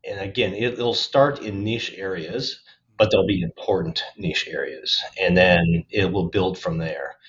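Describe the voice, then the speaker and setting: Low-voiced man, dull recording. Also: a little slow, a bit bright. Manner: thoughtful, restarts phrases, upbeat about the future. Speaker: podcast guest. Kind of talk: casual interview talk.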